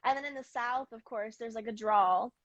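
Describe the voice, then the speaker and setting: A chatty American woman with a Mid-Atlantic accent talks as an interview guest, her voice sitting fairly high. The recording is dry and dull, with a lo-fi sound. She laughs often as she talks. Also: moderate pace, no room sound. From New York and Pennsylvania. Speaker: music artist guest. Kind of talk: casual interview chat.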